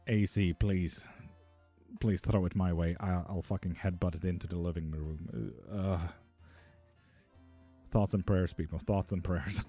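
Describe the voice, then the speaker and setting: A man's voice: low-pitched, warm tone, dry recording. A man chatting on a live stream as a tarot reader, reading out viewer comments, casual and sweary with frequent laughs. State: hot and sticky.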